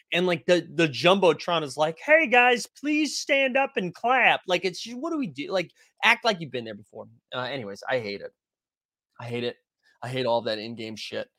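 A man hosting a casual sports talk stream, animated and rambling, who swears freely and reads from the chat. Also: mid-range voice, no echo. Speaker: podcast host reading chat.

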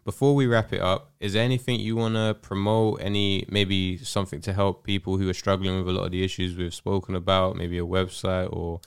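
A man hosting a podcast, relaxed and casual, asking questions and listening. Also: deep voice, fairly quick, hardly any pauses, smooth, no room sound, studio quality. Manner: laid-back, listens with frequent "mm". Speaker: podcast host. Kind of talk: casual interview chat.

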